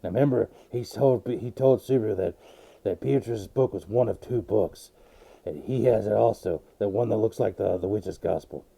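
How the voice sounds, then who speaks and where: A man vlogging a casual, rambling and excitable recap of an anime episode, with a gravelly voice. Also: on the low side, moderate pace.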